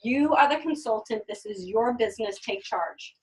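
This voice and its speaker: A woman with a high voice coaches a group on selling, bursting into little acted-out conversations and hammering home words by repeating them. She is picked up from some distance, so the sound is thin and far off. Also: normal speed. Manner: energetic, acts out customer dialogues; repeats phrases for emphasis. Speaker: direct sales trainer. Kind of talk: sales training talk. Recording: voice from a distant mic.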